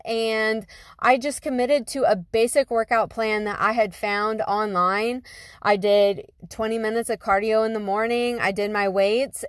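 A woman's voice: fairly high pitch, no room sound, clean studio sound. A young woman telling a personal story in a casual, conversational way, full of fillers like "you know". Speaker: guest telling her story.

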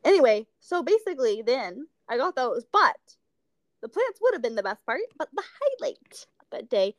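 A young woman with a fairly high voice that swings all over as she tells a story. She giggles a lot and sounds tired. The sound is dry and close, with no room around it. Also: sing-song, normal speed, no echo. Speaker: podcast co-host. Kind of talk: casual chat.

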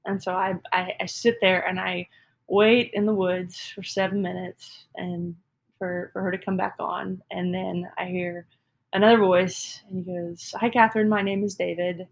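A Texan woman with a lowish, gravelly voice tells a personal story at an unhurried pace and in a level tone. She's casual, chatty and self-deprecating, her speech full of "um" and "like."

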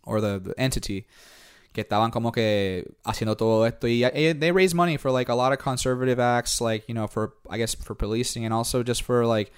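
A man's voice: medium pitch, fairly even intonation, fast talker, clean tone. A man with a Puerto Rican accent, born in New York and raised in Puerto Rico, chatting casually and switching between English and Spanish, full of fillers. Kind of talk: casual bilingual chat.

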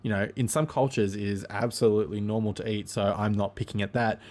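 A man's voice: fairly low pitch, fairly even intonation, brisk, darkish tone. A man hosting a casual solo podcast monologue, rambling and easygoing, with frequent ums and self-corrections.

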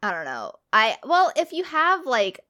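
A woman's voice: high-pitched, wildly swooping pitch, a little slow, pushed and bright. A young woman co-hosting a podcast in casual chat, giggling and joking, with lots of filler words. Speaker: podcast co-host.

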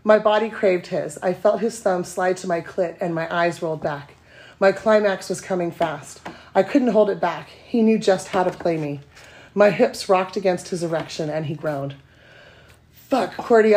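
A woman with a breathy voice reading erotic fiction aloud, a bit self-conscious. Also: lowish voice, a little mellow. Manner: self-conscious, giggly between passages. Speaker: guest reader.

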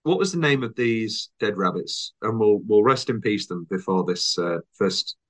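A man's voice: fairly low pitch, expressive, moderate pace. A man hosting a podcast in casual chat, rambling through anecdotes with many restarts and acting out quotes. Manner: rambling storyteller, acts out quotes in silly voices. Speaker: podcast host.

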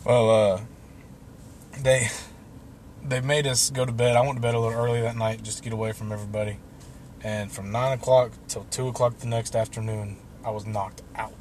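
A man's voice: mid-range voice, flat delivery, brisk, a little mellow, a little hiss or hum. A young man telling a long personal story in a loose, casual way, swearing and laughing now and then. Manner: loose and profane, laughing through the tale.

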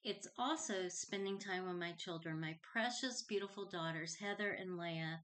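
A woman's voice: lowish voice, normal speed, fairly bright tone. A middle-aged woman hosting her own Christian podcast, talking earnestly and heartfelt as she shares a personal testimony. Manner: earnest and heartfelt, reads scripture aloud. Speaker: podcast host.

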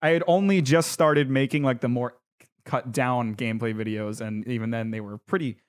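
A man's voice: medium pitch, steady tone, normal speed, smooth. Laughing, teasing male podcast host. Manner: laughing, teasing, filler-heavy. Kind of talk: casual podcast chat.

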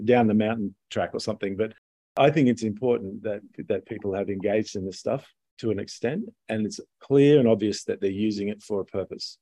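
A male educator talking in a rambling, conversational way, often pausing with "you know.". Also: on the low side, dark tone, dry recording. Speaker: podcast guest, educator. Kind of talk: casual conversation.

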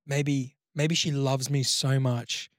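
A man's voice: medium pitch, flat delivery, slow pace, no echo, studio quality. A man, co-hosting a casual podcast and bantering playfully. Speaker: podcast co-host. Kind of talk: casual chat.

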